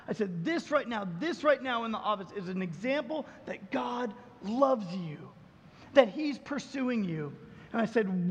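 A high-voiced man preaches in a big hall with a long echo, and the sound is dull. He tells a story like a pastor, acting out each voice and sinking to a hushed tone to drive the point home. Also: animated, moderate pace. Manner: storytelling, acts out dialogue, drops soft for emphasis. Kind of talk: sermon.

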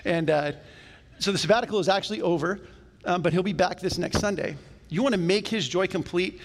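Man, pastor, sermon, conversational and animated, slightly high voice, long church-hall reverb. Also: brisk. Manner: conversational and animated, with jokes aside. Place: church sanctuary.

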